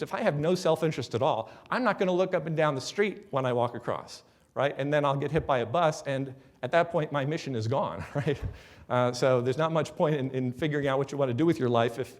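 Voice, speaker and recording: A man giving a conference talk as a business speaker. He keeps it conversational and lively, checks in with the audience and acts out little quoted voices. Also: mid-range voice. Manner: acts out quoted voices and laughs at his own examples.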